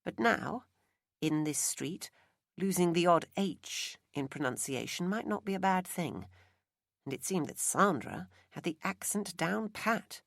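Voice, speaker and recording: A woman narrating an audiobook in a measured, expressive reading. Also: on the low side, gravelly, no room sound, studio quality. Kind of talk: scripted narration. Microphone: close studio mic.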